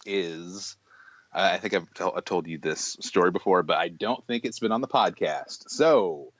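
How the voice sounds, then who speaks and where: A young man co-hosting a podcast, telling an animated story in casual chat, full of restarts and acted-out quotes. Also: low voice, moderate pace, no room sound, muffled recording. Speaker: podcast co-host.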